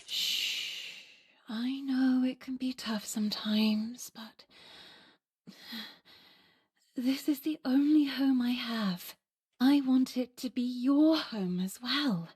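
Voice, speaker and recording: A woman voicing an eerily calm, devout caretaker in a game, in a whispered role-play with a hushed, slow, monotone delivery. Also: high voice, breathy edge, exaggerated voice. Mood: hushing.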